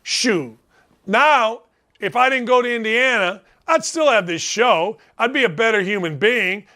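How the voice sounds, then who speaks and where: A man in his late fifties hosting a sports talk show, ranting bluntly and combatively, hammering his points and breaking into shouts. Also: high-pitched, animated, measured pace. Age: 50s. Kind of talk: sports talk radio rant.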